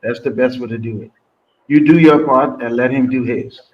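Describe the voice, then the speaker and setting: A man's voice: mid-range voice, steady tone, moderate pace. Encouraging male guest on dull audio. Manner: warm, encouraging, proverb-like advice. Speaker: regular guest commentator. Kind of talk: casual talk show chat.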